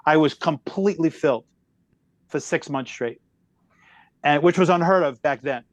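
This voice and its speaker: Animated man telling a story, slightly high voice. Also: normal speed, no echo. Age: middle-aged. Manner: animated storyteller who shifts pace a lot. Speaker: guest comedian. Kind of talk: storytelling in a podcast conversation.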